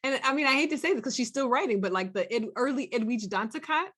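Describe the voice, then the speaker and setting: A woman scholar speaking on a panel discussion over a video call, thoughtful, often pausing with fillers and restarting her sentences. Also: a little high, animated, a bit bright, breathy edge.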